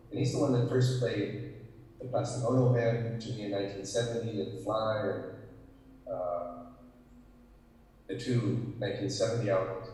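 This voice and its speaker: A man's voice: lowish voice, darkish tone. Older man telling stories in an echoey hall. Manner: rambling, unhurried, with frequent restarts. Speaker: guest author in a talk. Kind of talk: anecdotal storytelling in conversation. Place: theater stage. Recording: echoey hall, distant mic.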